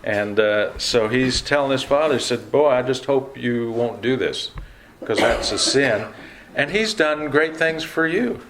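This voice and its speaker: A man leads an adult Bible class in an easy, conversational way. He keeps turning to the class with questions. His voice sits at a middle pitch, with a light hiss of noise behind it. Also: expressive, measured pace. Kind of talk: leading an adult Bible study.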